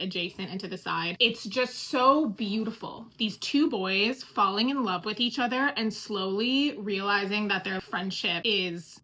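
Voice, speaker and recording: Bright-voiced woman gushing about her fave books, chatty, lots of likes. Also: mid-range voice. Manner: gushing, emotional, lots of "like" fillers. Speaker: book reviewer. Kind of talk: casual book recommendation vlog.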